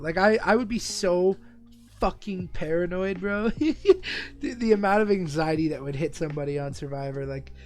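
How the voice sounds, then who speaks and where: A young man with a high voice streams live reaction commentary. He is excitable and profane, rambling between bursts of laughter.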